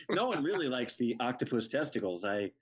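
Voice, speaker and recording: A man's voice: medium pitch, normal speed, husky. A man from Connecticut telling funny family stories on a video call, full of quoted voices. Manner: animated anecdotes, playful mother impressions. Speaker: comedian.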